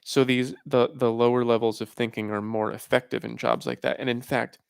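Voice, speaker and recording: A man with a gravelly, creaky voice talks in a loose, halting way, thinking aloud and restarting his sentences. He sounds tired and worn out, as if he has talked for too long. His voice is close and dry, with no room sound. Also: mid-range voice, level tone, no echo. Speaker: livestream host. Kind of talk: casual live Q&A talk.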